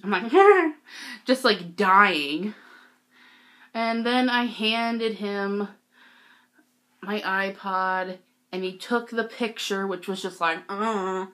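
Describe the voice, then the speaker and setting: A teenage girl vlogging, telling a story casually, giggly and excitable with lots of "like". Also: medium pitch, drawn-out words, pauses often.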